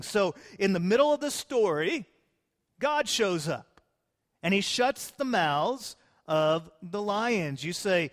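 A man, a pastor, telling a scripture story in a sermon, dramatic and swinging between loud and hushed. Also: high-pitched, lively intonation, slow. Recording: long hall reverb.

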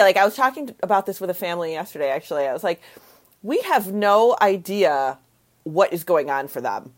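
A woman who works with families, explaining in casual chat and acting out what babies and parents might say. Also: medium pitch.

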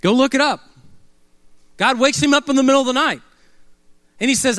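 A middle-aged man delivers a sermon in a high voice. He talks in a loose, conversational way, mixes humor into his stories and has the crowd repeat lines back. The sound is close and dry. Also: a little fast, a bit bright, dry recording. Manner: conversational, humorous storytelling with call-and-response. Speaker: pastor.

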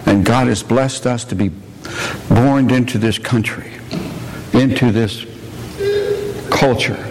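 In a church sanctuary, a preacher and missionary tells folksy stories to his congregation, his lowish voice gravelly. He speaks plainly and adds warm asides for the listeners. Long reverb and a faint hiss color the recording.

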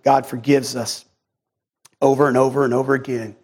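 A pastor preaching a sermon in an earnest way, often repeating words and acting out short prayers. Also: male voice, mid-range voice, flat delivery, moderate pace, a little mellow.

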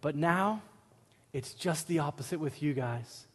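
A man's voice: fairly high pitch, lively intonation, a little slow. A man preaching an emphatic, humorous sermon in a church hall. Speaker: pastor. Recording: long reverb of a large hall.

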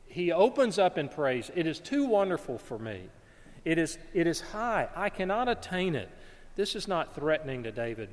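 Man preaching in a reverberant hall. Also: on the high side. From North Alabama, US. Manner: earnest, repeats words while searching for them. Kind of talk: sermon.

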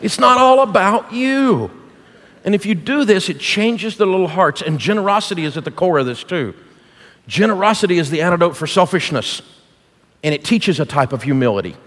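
Speaking to a church congregation as a guest preacher, this middle-aged man is folksy, punchy and jokey, with a high, animated, somewhat bright voice at a normal pace. The church auditorium gives the audio a long, large-hall reverb.

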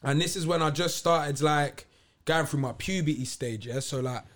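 A man's voice: on the high side, moderate pace, a bit bright. A young man with a London accent telling a frank story in a casual podcast chat, often checking that his listeners follow. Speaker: podcast guest.

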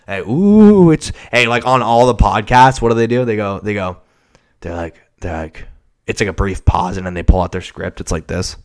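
A man hosting a solo casual podcast, rambling and swearing, swinging from mumbles to shouts, on a cheap home mic. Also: lowish voice, level tone, normal speed. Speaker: podcast host. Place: home recording setup. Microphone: cheap mic without pop filter.

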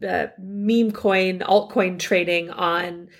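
A woman in her thirties co-hosting a podcast, explaining in a relaxed, plain way and laughing easily. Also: lowish voice, slow. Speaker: podcast co-host, crypto analyst. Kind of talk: casual expert chat.

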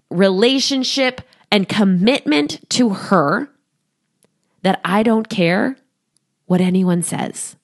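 Her voice a little high, a woman in her thirties coaches listeners on her solo podcast from behind a studio microphone. She's lively, often laughing, and gives quoted speakers voices of their own.

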